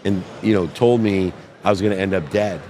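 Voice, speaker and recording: A man telling a personal story as a podcast guest, animated and heartfelt, now and then acting out the voices of the people in his story. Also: deep voice, fairly quick, slight background noise. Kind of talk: emotional storytelling.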